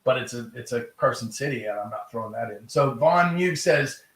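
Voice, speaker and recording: A man's voice: medium pitch, animated, brisk, a bit bright, reverberant, rough recording. A man casually chatting as he runs a live-stream auction from his home, laughing often and rambling between bids. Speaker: livestream auction host. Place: room at home.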